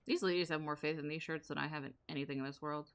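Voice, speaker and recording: A woman's voice: low-pitched, steady tone, quick pace. A young woman streamer giving casual, sarcastic live commentary as she plays a game and banters with her chat.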